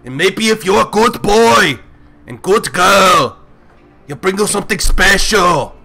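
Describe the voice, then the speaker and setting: A man voicing a gruff, muscular male action-hero fixer who gives blustery orders. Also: high-pitched, expressive, measured pace, background noise, pitched above the performer's own voice, heavily acted. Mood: commanding.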